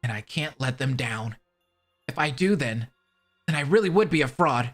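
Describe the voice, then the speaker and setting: A man's voice: mid-range voice, lively intonation, normal speed, a bit bright, soft background music. A man voicing an anxious young male superhero intern in a fan voice drama, with shaky, stammering speech. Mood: resolute.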